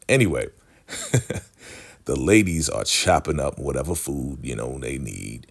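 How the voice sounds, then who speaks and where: Male recapper: very low, husky, lively pitch, chatty slang. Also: a little slow, long pauses. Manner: animated, chatty storytelling with slang. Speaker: TV show recapper. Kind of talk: casual video recap.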